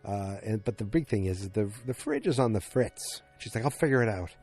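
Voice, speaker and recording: A man's voice: lowish voice, animated, moderate pace, dark tone, husky, faint music behind. A man hosting a fan podcast, recapping an episode in a rambling, casual way and acting out quotes with lots of filler words. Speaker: podcast host.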